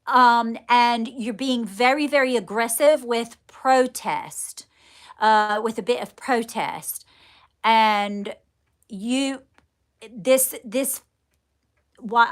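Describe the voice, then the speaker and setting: A woman leading a live channelling stream, speaking in halting, repeated phrases and calling her viewers darling. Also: fairly high pitch. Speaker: psychic medium.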